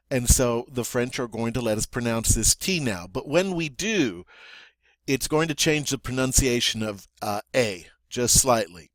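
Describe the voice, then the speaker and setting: A man teaching French pronunciation, explaining slowly and checking in with "okay?" and "all right?" as he goes. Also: medium pitch, a bit bright, dry recording, clean studio sound. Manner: slow, deliberate, with many fillers and check-ins like "okay?". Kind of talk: pronunciation lesson.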